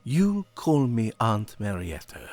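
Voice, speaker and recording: A man voicing a 106-year-old woman with a slightly foreign accent, who is commanding, soft-spoken and measured. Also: on the low side, big pitch swings, creaky, voice pushed up, exaggerated voice.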